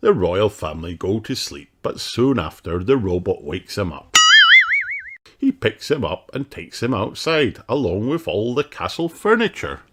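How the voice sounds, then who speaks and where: A man reading a children's story aloud, slow and expressive. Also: on the low side, soft background music. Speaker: storybook reader. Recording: noisy home recording.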